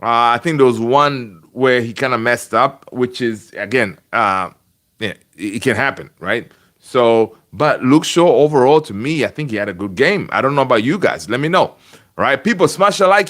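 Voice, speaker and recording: A man's voice: medium pitch, moderate pace, a bit bright. A man hosting a casual football fan livestream from home, chatty and rambling, greeting viewers and answering the chat. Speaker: fan channel host. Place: home room.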